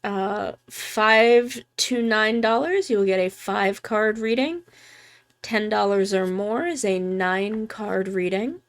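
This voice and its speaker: A woman streamer chatting casually while giving tarot readings, joking about herself and swearing freely, speaking softly and close to the mic. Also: medium pitch, slow pace. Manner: soft, quiet near-ASMR voice close to the mic. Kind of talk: casual live-stream chat. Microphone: close microphone.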